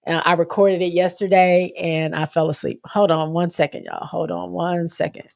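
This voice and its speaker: This is a young woman with a slightly low-pitched voice. She hosts a relaxed sports livestream in a loose, chatty way, reading viewer comments aloud and correcting herself as she goes. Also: moderate pace, gravelly. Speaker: livestream host. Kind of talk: casual sports chat livestream.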